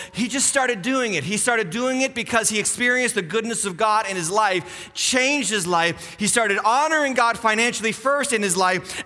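Middle-aged pastor guy preaching, high bright voice, long church reverb. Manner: animated, joking, repeats key phrases. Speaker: lead pastor. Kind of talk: sermon. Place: church auditorium.

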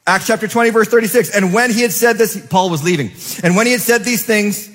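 Male pastor preaching in a reverberant church. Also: fast talker. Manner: swings from loud emphatic peaks to soft low asides; preaches with repeated rhetorical questions to the congregation. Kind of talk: sermon. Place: church sanctuary. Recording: long hall reverb.

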